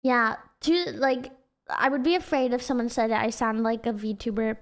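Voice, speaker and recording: A woman's voice: fairly even intonation, moderate pace. Giggly young woman with a childlike voice. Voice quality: very high, childlike voice. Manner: chatty, giggly, rambling. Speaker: streamer. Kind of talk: casual livestream chat.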